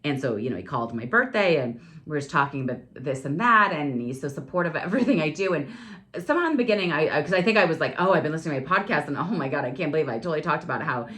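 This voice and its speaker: A woman's voice: deep voice, sing-song, racing, fairly bright tone. A woman in her forties hosting her own podcast from her home office, chatting candidly and breaking into dramatic exclamations. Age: 40s. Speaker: podcast host. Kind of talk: casual solo podcast chat.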